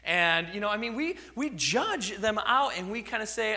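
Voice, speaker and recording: A man's voice: sits high, animated, moderate pace, few pauses, pushed and bright, in a large hall. A man preaching a sermon, acting out little dialogues and chuckling now and then. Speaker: pastor.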